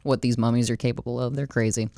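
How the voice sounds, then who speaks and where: A woman's voice: rumbling low, steady tone, fast talker, vocal fry, mellow, no echo. A woman co-hosting a casual movie podcast, chatty and laughing as she talks. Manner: chatty, laughs while telling. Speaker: podcast co-host.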